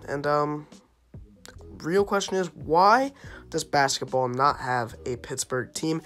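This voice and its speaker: A man's voice: on the high side, a little slow, fairly bright tone, faint music behind. A young man giving casual, chatty commentary on his gameplay, second-guessing himself as he goes. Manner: chatty, self-interrupting, wavering pick by pick. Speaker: gaming YouTuber.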